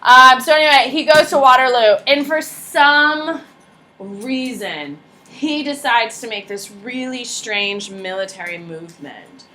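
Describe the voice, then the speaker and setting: A young woman teaching a high school history class, lively and casual, joking and chatting with her students between points. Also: unhurried. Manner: animated, casual and slangy, jokes with students. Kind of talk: classroom lecture.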